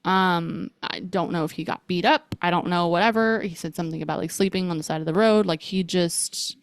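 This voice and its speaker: Brief: lower-pitched female podcast host, candid rambling storytelling, dry close sound. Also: brisk, gravelly, no room sound. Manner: casual, rambling, heavy on fillers like "like" and "um".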